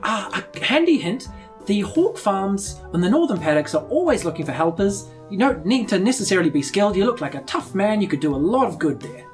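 A woman's voice: mid-range voice, very animated, a little fast, faint music behind. A woman narrating and voicing characters as game master, with a playful manner.

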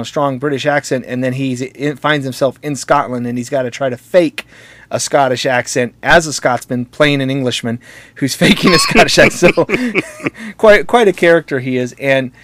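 A man's voice: mid-range voice, no room sound. A man telling stories in casual conversation, in a jokey, rambling way that often breaks into laughter at his own tales.

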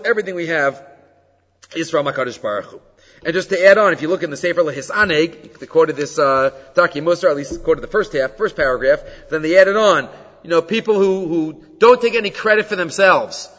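Male Torah teacher, high voice, lively storyteller, dull recording with long hall reverb. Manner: animated storytelling, mixing Hebrew quotes with English explanation. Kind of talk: Torah class on the weekly portion.

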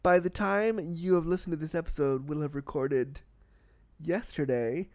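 Profane excitable podcast host man. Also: fairly high pitch, moderate pace, no echo. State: slight cold. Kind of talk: casual solo podcast monologue.

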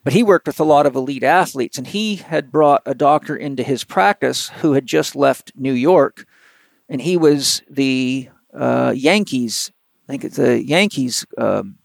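Gravelly man spinning an animated yarn. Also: medium pitch, unhurried, no echo. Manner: animated, rambling anecdotes with many fillers. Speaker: physical therapist. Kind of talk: storytelling in an interview.

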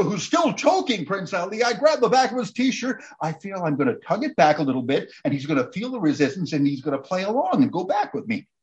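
A man telling a lively personal anecdote, building up to excited shouting at its peak. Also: high-pitched, dull audio. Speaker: storyteller.

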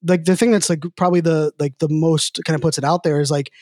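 Rambling man, slightly high voice. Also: steady tone, fast, a little mellow, no room sound, studio quality. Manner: rambling, heavy use of filler "like". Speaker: podcast guest. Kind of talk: casual conversational storytelling.

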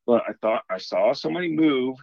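A man's voice: medium pitch, fairly quick, creaky, no echo. Man telling a story over a dull line. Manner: animated, rambling storyteller. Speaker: caller telling a ghost story. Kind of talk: casual storytelling.

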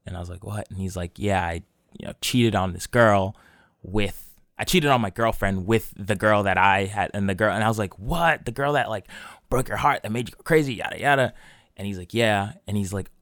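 A young man, low in pitch, tells a long story in loose, rambling casual chat and laughs along the way. His voice is smooth and clear, recorded dry and close with no room sound. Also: fairly quick, a bit bright, no room sound.

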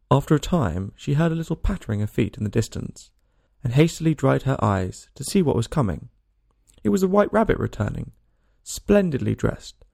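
A man narrating a storybook in an expressive, lilting way. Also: medium pitch, gravelly, no room sound, studio quality. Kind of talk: storybook reading.

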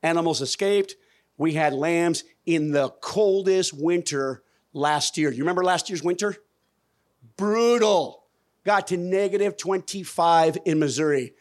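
A man with a slightly higher-than-average voice speaks from a conference stage into a microphone. He talks in a folksy, emphatic way and keeps putting questions to the audience. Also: measured pace. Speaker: conference speaker on regenerative farming. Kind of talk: lively stage presentation.

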